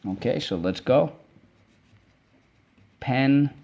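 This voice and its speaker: A man teaching a spelling lesson to children, drilling words slowly syllable by syllable and coaxing the class along. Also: on the low side, darkish tone, highs cut off.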